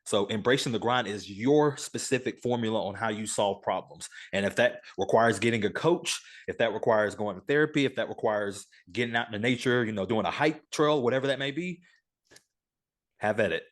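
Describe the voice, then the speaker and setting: A man hosting a podcast interview, explaining his thinking in a reflective, measured way. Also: on the low side.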